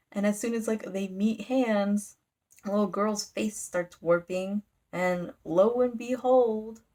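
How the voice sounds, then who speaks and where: A woman's voice: mid-range voice, a little mellow. A young woman casually recapping a manga volume for her channel, rambling with lots of "like" and briefly acting out the characters' lines. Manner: rambling and chatty, full of "like" fillers; briefly dramatizes character lines mid-story. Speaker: YouTuber reviewing manga.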